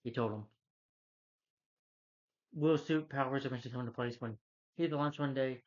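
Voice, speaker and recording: A man's voice: medium pitch, normal speed, dull audio. A man retelling a film's plot in a casual, rambling review, full of fillers and restarts. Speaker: film reviewer. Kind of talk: casual spoken film review.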